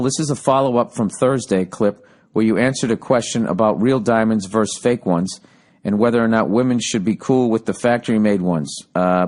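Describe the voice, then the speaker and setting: A man's voice: on the low side, darkish tone. A man in his forties with a Boston accent, hosting a casual solo podcast, reading listener emails and ranting with profane, sarcastic asides. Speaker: podcast host.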